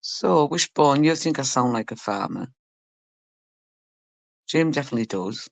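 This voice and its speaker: Her voice is extremely low, expressive, a little slow and gravelly, captured in a dry recording. She livestreams casual chat with her audience, reading comments and teasing viewers with laughter and the odd swear word.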